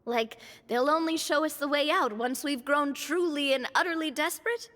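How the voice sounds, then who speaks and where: A woman voicing a bold young female adventurer in a game, talking in a calm, wry, reassuring way. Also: high-pitched, moderate pace.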